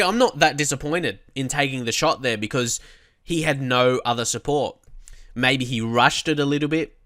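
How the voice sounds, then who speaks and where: A bright, forceful young man talks over his own football game in a dry, close recording. He chats loosely, then flares into loud, frustrated outbursts and swearing as the match turns against him. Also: mid-range voice, no room sound. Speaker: gaming commentator. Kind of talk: live match commentary while playing.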